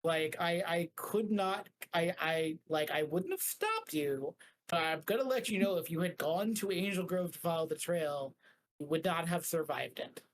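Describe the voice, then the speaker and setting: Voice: mid-range voice, lively intonation, normal speed, low-quality recording. Rambling game master with a faint hiss. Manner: rambling, lots of "like" fillers. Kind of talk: narrating a tabletop game.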